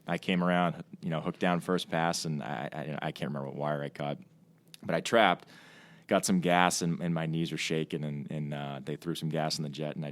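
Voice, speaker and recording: A man, a Navy fighter pilot and training officer, telling stories in a casual podcast chat, rambling with many restarts and fillers. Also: rumbling low. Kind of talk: casual conversational storytelling. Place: podcast studio.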